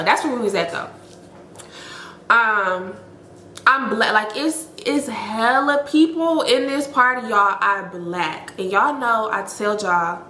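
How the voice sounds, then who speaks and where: A woman of twenty-eight telling her viewers a story in a casual, blunt, animated way, swearing freely and calling them y'all. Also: medium pitch, a little hiss or hum. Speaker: storytime vlogger. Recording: echoey room.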